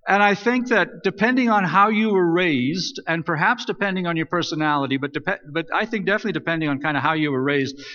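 A man delivers a casual, talky sermon, restarting phrases as he goes and reading scripture passages aloud. His voice sits a bit high. The sound is dull and rings with long reverb from the church sanctuary. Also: quick pace, bright, forceful tone. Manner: conversational, self-correcting, reads scripture aloud. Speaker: pastor.

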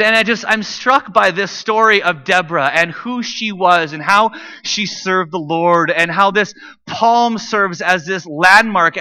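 A man preaching from the stage in a high, very bright, ringing voice. His delivery is conversational and easygoing, with joking asides to the room. The sound is a stage mic. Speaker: pastor. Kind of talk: sermon.

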